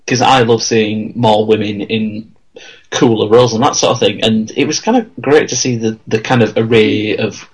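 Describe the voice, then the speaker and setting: A man's voice: lowish voice, steady tone, moderate pace, husky, muffled recording. A man chatting casually and enthusiastically about a film. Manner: enthusiastic, rambling, laughs while talking. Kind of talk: casual film review chat.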